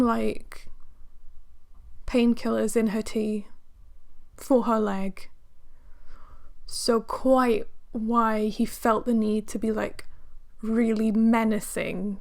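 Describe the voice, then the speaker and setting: A woman's voice: mid-range voice, creaky. A young woman reviewing a book in a chatty, sarcastic way, with lots of fillers. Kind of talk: casual book review vlog.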